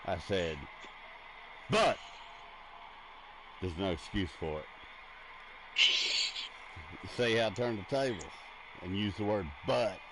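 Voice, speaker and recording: A man with a lowish voice that jumps around a lot tells silly jokes in a deadpan way. He swears freely in loose, casual banter. A crowd murmurs in the background. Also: a little slow, long pauses. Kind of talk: casual gaming video banter.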